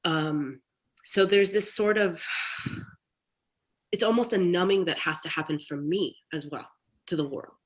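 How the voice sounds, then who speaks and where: A woman speaking candidly as a therapy client, talking in a halting, reflective way with many restarts, over a video call. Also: lowish voice, rough recording. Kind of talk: candid personal talk.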